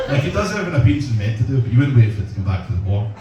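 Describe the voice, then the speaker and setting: A Scottish man doing a crude, self-deprecating stand-up set in a comedy club, bantering with the crowd. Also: mid-range voice. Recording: echoey club from far off, loud noise.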